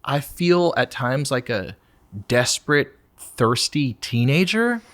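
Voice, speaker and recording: A man in his forties, a guest musician, speaks candidly in a podcast conversation and drops into high, mocking voices to act out begging for attention. His delivery is expressive and unhurried, with a fairly bright tone.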